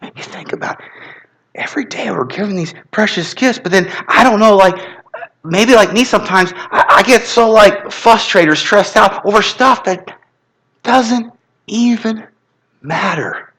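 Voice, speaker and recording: A man giving an inspirational talk to a congregation at a spiritual center, telling animated stories and leading call-and-response. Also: high-pitched, a little slow, rough recording. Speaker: guest motivational speaker.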